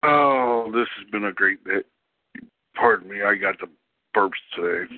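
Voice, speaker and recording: A man's voice: on the low side, lively intonation, measured pace, dry recording. A man hosting a live call-in internet radio show, chatting casually and rambling to fill time while he waits for callers. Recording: tinny phone line, dry.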